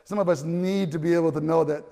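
A man preaching a sermon, telling a story with animated delivery that swells to loud cries and stumbles into restarts. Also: on the high side, fast talker. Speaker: pastor. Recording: long hall reverb.

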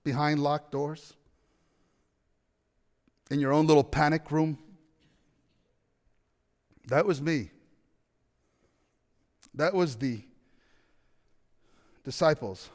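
Animated storytelling preacher in a reverberant hall. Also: male voice, on the high side, drawn-out words, pauses often. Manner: animated storyteller, acts out dialogue, asks the audience questions. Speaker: pastor. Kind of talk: storytelling sermon.

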